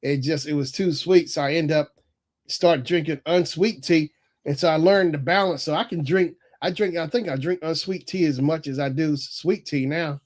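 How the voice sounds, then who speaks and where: Easygoing man, slightly higher voice. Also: normal speed. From North Carolina. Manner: relaxed, rambling, chuckles often, reads chat aloud. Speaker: livestream host reading chat. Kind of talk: casual live-stream chat.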